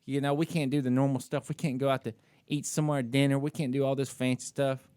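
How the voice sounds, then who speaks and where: A man with an average-pitched voice talks casually on a podcast and tells a story about himself without holding back. He is self-critical and piles on "you know" and "like". The sound is close and dry, with no room echo. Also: level tone, quick pace, dark tone, clean tone. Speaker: podcast co-host. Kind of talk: casual chat.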